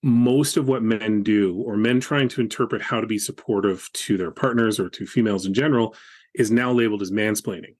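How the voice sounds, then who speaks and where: Thoughtful low-voiced man co-host. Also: a little mellow. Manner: measured, thoughtful, hesitant restarts. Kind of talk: casual conversation.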